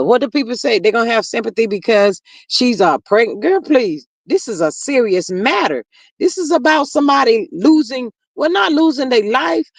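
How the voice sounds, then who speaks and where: Reading viewer comments aloud during a casual livestream chat, a woman drawls chattily, her voice rising and falling. The recording has no echo.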